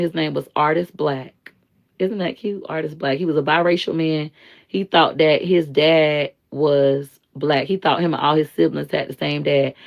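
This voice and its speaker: A woman hosting a live stream, giving blunt, slangy commentary and telling stories in an animated way. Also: sits low, creaky. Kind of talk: casual commentary and storytelling.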